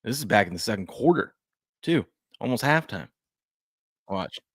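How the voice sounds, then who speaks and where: A man hosts a loose, casual sports talk show, his voice sitting a little low. He rambles and trips over his own sentences, restarting as he goes. The sound is close and dry, with no room around him. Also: very animated, moderate pace, fairly bright tone, breathy edge, dry recording. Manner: rambling, repeats himself, frequent restarts and fillers.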